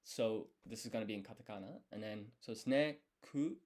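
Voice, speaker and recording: Slightly low-voiced man thinking aloud. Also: a little fast, darkish tone. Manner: explains step by step, muses and quizzes himself. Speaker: language learner streaming his study. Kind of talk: thinking aloud while studying.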